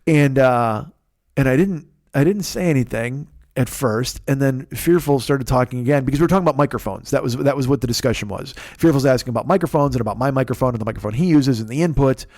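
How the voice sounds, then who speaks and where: A man's voice: mid-range voice, fast, a little mellow, no room sound, clean studio sound. A man in his forties hosting a comedy podcast, telling a rambling, profane story with lots of restarts. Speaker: podcast host.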